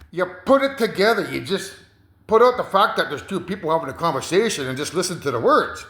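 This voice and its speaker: A man's voice: on the high side, lively intonation, a little fast, pushed and bright. A man talking in a rambling monologue, hesitant, with many fillers, repeats and chuckles. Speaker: commentator. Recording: roomy echo.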